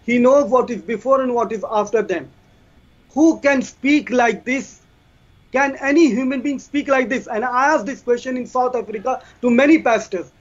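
A man's voice: very high-pitched, normal speed. A man presenting his side in a debate. He asks repeated rhetorical questions and recites scripture in Arabic. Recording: dull lo-fi stream audio.

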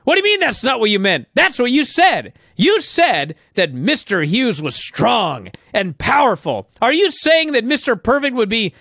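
Man impersonating pushy older interviewer, needling questions, raised pitch, dry sound. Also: very animated, normal speed, no room sound. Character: pushy older male wrestling interviewer stirring trouble.

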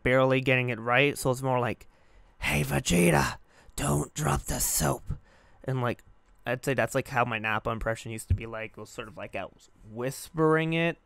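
A man's voice: medium pitch, a bit bright, clean tone, no echo. A young man talking casually on his vlog, rambling and correcting himself, with frequent swearing. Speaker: YouTuber and hobby voice actor.

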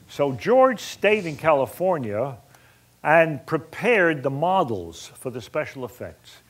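Animated male director telling a story. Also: a little high. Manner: animated, colorful storyteller who acts out dialogue. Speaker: film director. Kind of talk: anecdotal storytelling to an audience.

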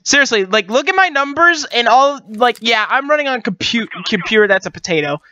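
Host, casual match commentary; bright, animated delivery, quick to laugh and tease. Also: medium pitch, highs cut off. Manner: excitable, laughs a lot, jokey trash talk. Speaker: channel host.

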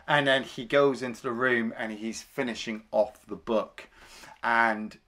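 A man's voice: mid-range voice, fairly even intonation, measured pace, bright, forceful tone. A man co-hosting a film review podcast, casually retelling scenes and acting out the characters' lines.

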